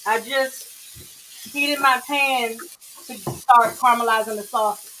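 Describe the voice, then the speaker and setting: A woman's voice: on the high side, steady tone, slow pace, pushed and bright, slight background noise, poor audio. A woman hosting a talk show, supportive and giving short affirmations, cooking while she talks on a video call. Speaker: podcast host. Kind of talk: casual chat. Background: frying and sizzling.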